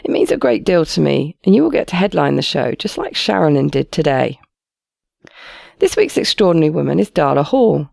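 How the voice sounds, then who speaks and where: Gravelly, lively-voiced woman podcast host. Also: lowish voice, no echo, clean studio sound. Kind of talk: podcast intro and interview.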